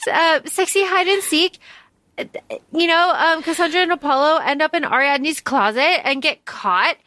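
A woman's voice: high voice, moderate pace, bright, forceful tone, no room sound. A woman co-hosting a podcast, chatting about a book in an easygoing, wry way, often repeating phrases. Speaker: podcast co-host. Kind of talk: casual book discussion.

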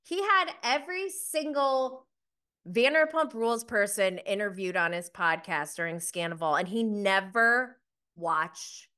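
A woman recaps a reality TV episode in a loose, gossipy way and laughs easily between points. Her voice is bright and sharp-edged, and her pitch sits in an ordinary middle range. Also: unhurried, smooth. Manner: chatty, gossipy, laughs often. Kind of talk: casual episode review.

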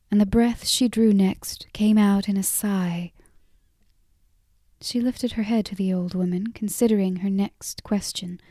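Woman reading a fantasy audiobook, slow and mellow, dry close mic. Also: mid-range voice, no echo. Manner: measured, softly drawn out storytelling. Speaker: audiobook narrator. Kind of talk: scripted narration.

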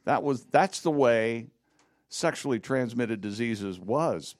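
A man's voice: medium pitch, lively intonation, takes it slowly. A man in casual comedic chat, joking and rambling, often trailing off mid-sentence.

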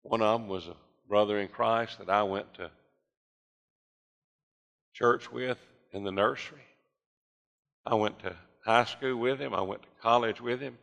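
A man's voice: on the low side, fairly even intonation, a little slow, gravelly, long pauses, a bit bright. An older male pastor preaching a sermon in a church, building to fervent appeals and voicing his listeners' objections. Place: church sanctuary. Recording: long reverb of a church hall.

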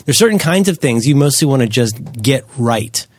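A man's voice: mid-range voice, lively intonation, moderate pace. A man co-hosting a podcast, chatting casually with wry, rambling, self-mocking asides. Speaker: podcast co-host.

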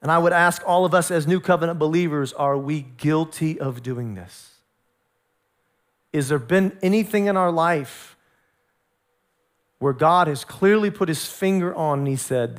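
High-voiced male pastor preaching. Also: moderate pace. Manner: storytelling, acts out voices. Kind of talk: sermon.

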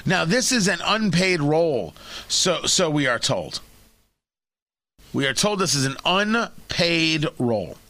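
A man's voice: a little high, very animated, takes it slowly, bright, forceful tone, no echo. A man hosting a talk radio show, giving sarcastic, emphatic opinion and often repeating and restarting his phrases.

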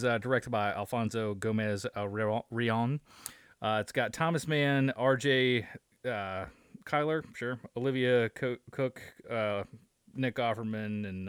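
A man's voice: medium pitch, fairly bright tone, clear, resonant tone, dry recording, studio quality. A man co-hosting a movie review podcast, chatting casually in a rambling way, with lots of swearing and fillers. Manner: rambling, profane, filler-heavy. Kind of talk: casual chat.

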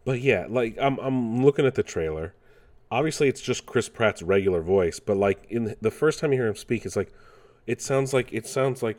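A man's voice: mid-range voice, expressive, moderate pace, darkish tone. A man casually hosting gaming news, rambling with many fillers and restarts. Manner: rambling, with frequent fillers and self-corrections.

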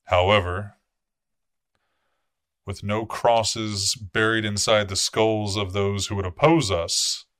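A male vampire prince, played by a man at the table, who lays down orders in a measured, authoritative tone and swears without softening. The voice is bright and forceful, set against a dry, close sound. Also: on the low side, fairly even intonation, no echo. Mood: grave. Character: commanding vampire prince, male, cold and formal.

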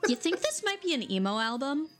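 A woman co-hosting a casual music podcast, dropping short deadpan quips. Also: sits high, brisk. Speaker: podcast co-host. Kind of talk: casual chat.

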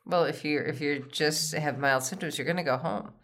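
Dry, quiet male co-host. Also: on the high side, moderate pace. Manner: dry, quiet, short interjections.

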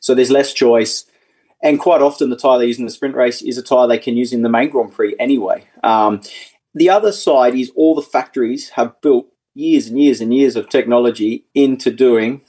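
A husky, slightly breathy man in his forties joins a podcast over a video call. He talks in an easygoing, chatty way, restarting his sentences and laughing often as he recalls his racing days. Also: mid-range voice, moderate pace, mellow. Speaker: guest, former motorcycle racer. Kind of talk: casual podcast chat.

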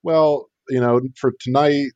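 A man voicing an overly sweet, hesitant young man who hedges softly and apologetically. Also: medium pitch, steady tone, measured pace, no room sound, voice pushed up, close to an everyday voice. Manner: soft, apologetic, hedging. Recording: dull lo-fi dry sound.

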